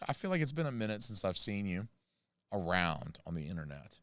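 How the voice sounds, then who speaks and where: A man's voice: fairly low pitch, moderate pace, no room sound. American guy, livestream host, rambling and jokey, dry close sound. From United States. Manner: rambling, jokey, many fillers and asides. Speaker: channel host reading live chat. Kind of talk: casual livestream chat.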